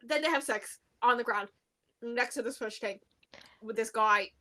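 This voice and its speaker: A woman's voice: normal speed, a crowd in the background. A young woman co-hosting a podcast, animatedly retelling a book plot in casual chat. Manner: animated retelling, acts out quotes in a high squeal. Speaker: podcast co-host.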